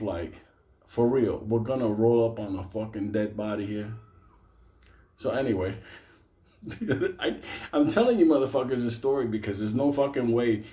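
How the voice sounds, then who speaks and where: A man's voice: medium pitch, warm tone. Profane, laughing New storyteller man. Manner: swears constantly, laughs through his own story. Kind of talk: profane live storytelling to an audience.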